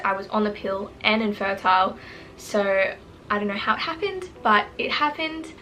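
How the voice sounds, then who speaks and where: A woman's voice: a little high, sharp tone, low-quality recording. A young woman in her twenties, earnest and teary, talking about her life in a rambling, heartfelt personal vlog. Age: 20s. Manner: earnest, tearful, rambling with many fillers. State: teary and emotional. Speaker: vlogger. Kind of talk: emotional personal vlog to camera. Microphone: camera mic, sitting close.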